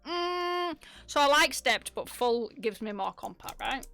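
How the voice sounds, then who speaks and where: A woman's voice: high voice, expressive, measured pace, creaky, sharp tone, faint music behind. A woman with a Northern English accent, chatting casually and teasing on a livestream while building a keyboard, laughing often.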